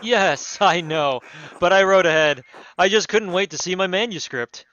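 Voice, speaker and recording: A booming, pushy nobleman with a bright, forceful edge to his voice, as a male streamer puts him on. He is grand and self-important, and pitched a touch above an average man. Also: moderate pace, muffled recording. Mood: pompous. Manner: loud, pompous.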